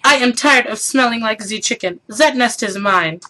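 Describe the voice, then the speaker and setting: A woman's voice: a little high, moderate pace, sharp tone, voice pushed up, poor audio. A woman voicing an indignant, fussy duck in a storybook reading. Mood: huffy. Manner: indignant, exclaiming. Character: huffy fussy female duck.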